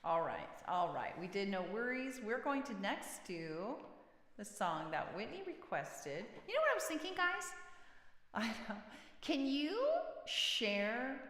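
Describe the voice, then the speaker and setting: A woman's voice: mid-range voice, sing-song, measured pace, fairly bright tone. A woman hosting a casual music livestream, chatting with viewers, reading their comments aloud and laughing often. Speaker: singer-songwriter livestream host. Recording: roomy with long reverb.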